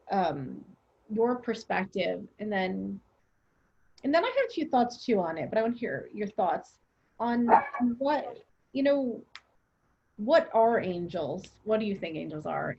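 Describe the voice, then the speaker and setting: Woman co-host, very slow and gravelly, asks questions thoughtfully, dull lo-fi audio. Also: mid-range voice. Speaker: podcast co-host. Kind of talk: casual chat.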